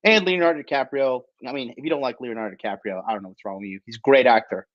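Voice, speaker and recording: An American podcast host tells a meandering story bluntly and profanely, ending his sentences with "right?". He talks rapid-fire at medium pitch, and the audio sounds dull.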